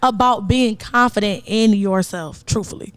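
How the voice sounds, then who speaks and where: A woman's voice: mid-range voice, normal speed, smooth, no echo. A young woman from Cleveland co-hosting a podcast, chatting casually and telling stories animatedly, often acting out what other people said. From Cleveland, Ohio. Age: young adult. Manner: animated storyteller, acts out quoted voices. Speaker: podcast co-host. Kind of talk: casual chat.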